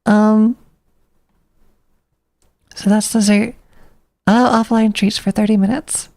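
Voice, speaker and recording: Woman streamer, loose rambling chat, gravelly fry in her voice, mid-range pitch. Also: fairly even intonation, slow, a little mellow. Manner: rambling, thinking aloud, talking to herself.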